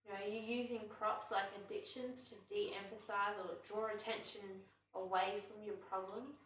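A woman co-host reads aloud and reflects in a measured way, asking listeners pointed questions. Her voice is bright and forward. She sits away from the mic in an echoing room with faint ambience behind her. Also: mid-range voice, little pitch movement, far from the mic, slight background noise. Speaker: podcast co-host. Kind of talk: reading aloud and casual podcast chat.

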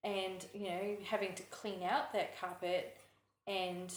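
A woman's voice: mid-range voice, level tone, slow pace, a little hiss or hum. Earnest woman in an echoey room. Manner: earnest, confessional, trailing off and restarting. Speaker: podcast co-host. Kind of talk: casual Christian podcast chat.

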